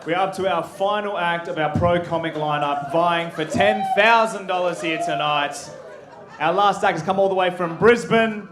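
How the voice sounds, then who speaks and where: A man's voice: high-pitched, moderate pace, reverberant, heavy background noise. A man hosting a comedy night, announcing the next act in a hype style. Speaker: comedy show host. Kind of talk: introducing acts.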